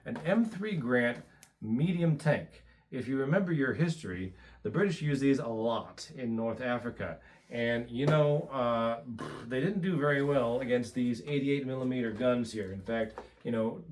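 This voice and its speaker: A man hosting an unboxing video, chatty and animated, with many asides and fillers. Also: mid-range voice, slight background noise. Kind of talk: excited casual unboxing.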